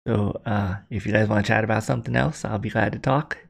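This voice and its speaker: A man's voice: on the low side, fairly even intonation, fast talker, gravelly. A man hosting a casual livestream, rambling and apologetic, with many fillers and restarts. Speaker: livestream host.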